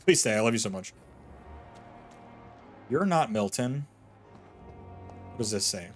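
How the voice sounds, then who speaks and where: A man's voice: lowish voice, expressive, slow pace, soft background music. Joking male game streamer. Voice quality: jokey, playful, given to puns and silly voices. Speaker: gaming streamer. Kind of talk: casual let's-play commentary.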